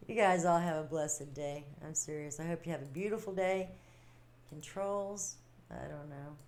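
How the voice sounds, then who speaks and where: A woman hosting a casual livestream, chatting warmly with viewers, reading their comments and laughing often. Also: sits low, takes it slowly, long pauses. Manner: chatty, giggly, reading chat aloud. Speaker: livestream host.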